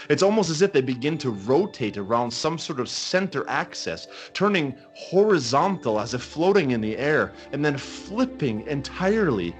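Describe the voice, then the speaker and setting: A man running a tabletop game as game master, telling the scene in a slow, dramatic way with long pauses. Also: mid-range voice.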